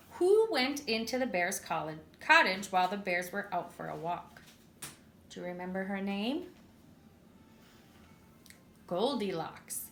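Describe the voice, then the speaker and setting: Slow, expressive woman teacher reading a story. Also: mid-range voice, a little hiss or hum. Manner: clear, expressive, asks the children questions. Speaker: preschool teacher. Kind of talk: reading a story aloud to children. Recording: echoey room.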